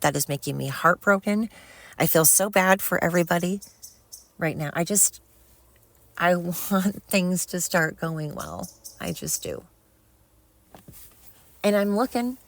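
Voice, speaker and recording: A woman's voice: on the low side, normal speed. A middle-aged woman hosting a solo podcast, rambling and heartfelt, swearing freely as she vents and then thanks her listeners. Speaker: podcast host.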